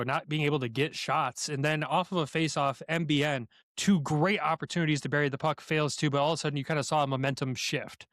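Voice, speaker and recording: A man's voice: fairly high pitch, fairly bright tone, no room sound, clean studio sound. A man co-hosting a hockey podcast, recapping games with energy, step by step. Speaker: podcast co-host. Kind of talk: game recap commentary.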